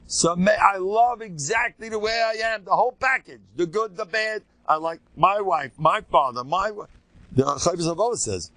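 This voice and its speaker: An older male rabbi teaches a lively, informal class, spinning stories and firing rhetorical questions at his audience. His voice sits a little high for a man, and the sound is close and dry with no room echo. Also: moderate pace. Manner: animated, joking storyteller with rhetorical questions. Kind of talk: informal Torah lecture.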